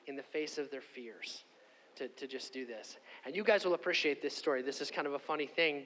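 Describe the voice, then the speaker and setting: Male pastor, middle-aged, slightly high voice, chatty animated sermon, long reverb hall. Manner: conversational, animated, says "okay?" and "like" often. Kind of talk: sermon with personal story.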